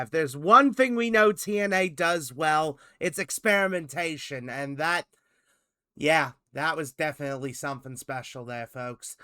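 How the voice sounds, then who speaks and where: A man hosts a podcast with an upbeat, guiding manner. His voice is high, bright and smooth. The recording is dry and close. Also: no echo. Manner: upbeat, hands questions to co-hosts. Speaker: podcast host. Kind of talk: casual chat.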